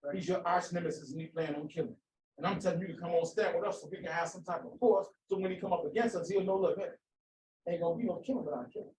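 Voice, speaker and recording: Fiery high-voiced male preacher in echoey room. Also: fairly even intonation, fast talker, darkish tone, far from the mic, a little hiss or hum. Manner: impassioned, rhetorical, repeats phrases for emphasis. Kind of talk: fiery sermon.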